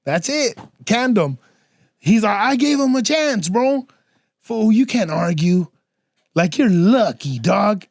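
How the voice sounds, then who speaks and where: A young man with a high voice hosts a podcast solo and tells stories, heavy on slang and cursing. He jumps into other people's lines as he tells them. The sound is close and dry, with no room around it. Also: animated, slow, darkish tone, no echo. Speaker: podcast host. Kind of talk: casual solo storytelling.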